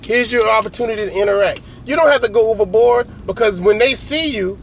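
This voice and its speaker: A middle-aged vlogger from the United States, whose voice sits high, talks a little fast over slight background noise. He rambles through a long story in a slangy, casual way, regularly voicing other people's lines.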